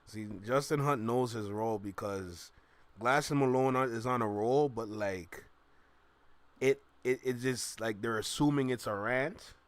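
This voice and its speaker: A man's voice: medium pitch, a little slow, no echo. A man streaming a reaction video, commenting and talking straight to his live chat. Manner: repeats stock phrases, talks straight to chat.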